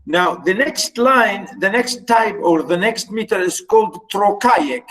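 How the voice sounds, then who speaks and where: Slow, high-voiced male lecturer. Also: expressive, a bit bright, poor audio. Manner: halting, repeats words, counts out syllable stresses. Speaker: university lecturer. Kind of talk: online poetry lecture.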